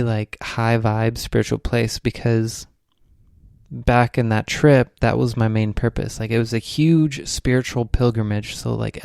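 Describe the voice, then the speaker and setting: A man's voice: medium pitch, creaky, a little mellow, clear, resonant tone, no echo, studio quality. A young man, a podcast co-host, telling a rambling spiritual story in casual chat, full of "like"s.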